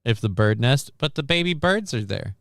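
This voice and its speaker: A man riffs through the news on his stream with a gravelly, creaky edge over a smooth, resonant tone. He rambles and swears with dry sarcasm, and the recording is close and dead. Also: medium pitch, animated, normal speed, a bit bright, no echo. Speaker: livestream news host. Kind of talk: casual news chat.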